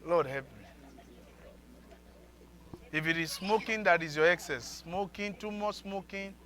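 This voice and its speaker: A man's voice: high voice, a little slow, long pauses, rough recording. A man preaching a sermon as pastor, leading the congregation in repeated prayer lines.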